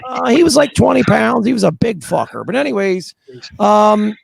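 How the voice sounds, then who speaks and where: Man, regular on a live chat; raspy, breathy tone; rambling, crude storyteller. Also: high-pitched, expressive, normal speed, no room sound. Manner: rambling, profane storyteller, laughs at himself. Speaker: livestream regular. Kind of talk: casual group chat on a live stream.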